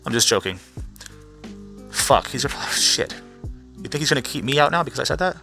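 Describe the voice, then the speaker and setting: A man's voice: mid-range voice, lively intonation, a little fast, vocal fry, sharp tone, soft background music. A man vlogging a profane, rambling commentary rant with frequent restarts. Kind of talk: ranting commentary vlog.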